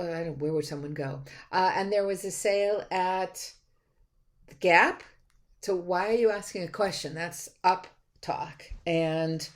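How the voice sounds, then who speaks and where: Chatty lecturing woman, slightly low voice. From Connecticut. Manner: chatty, self-correcting, many fillers and restarts. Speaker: college instructor. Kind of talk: recorded lecture.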